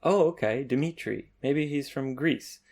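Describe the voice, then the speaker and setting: A man's voice: mid-range voice, unhurried, gravelly, darkish tone. Man, podcast co-host, wry, teasing, casual. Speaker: podcast co-host, English teacher.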